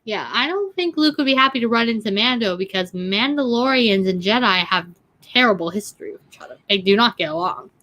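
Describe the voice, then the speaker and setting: A young woman sits in as co-host beside her father. Her bright voice keeps her replies short and matter-of-fact. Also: a little high, animated, a little fast, poor audio. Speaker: host's daughter, co-host.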